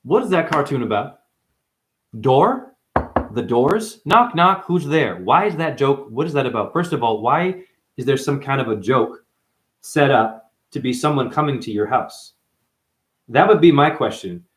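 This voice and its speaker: A man's voice: mid-range voice, unhurried. A man delivering a rambling, profane spiritual monologue to viewers, calling them "honey.". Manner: animated, profane, calls listeners "honey". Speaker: video monologue host.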